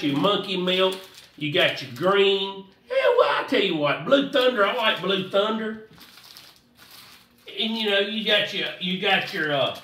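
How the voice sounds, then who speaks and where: A man's voice: sits high, pushed and bright, reverberant, distant mic, slight background noise. A man giving a casual, rambling fishing how-to, repeating himself in a folksy way. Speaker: fishing vlogger.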